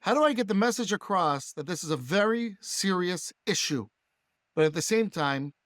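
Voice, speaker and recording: A man reads a parent's letter aloud on a podcast, slowly and with measured care. His voice is high for a man. The sound is dry and close to the mic. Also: expressive, fairly bright tone, no room sound. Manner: slow, measured reading. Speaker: podcast co-host reading a listener question. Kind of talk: reading a listener letter.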